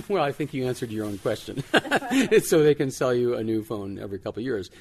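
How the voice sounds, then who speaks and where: Man, interview guest, animated pitch, amused, casual. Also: moderate pace, slightly rough. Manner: amused, self-interrupting, chuckles often. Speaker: guest, tech journalist.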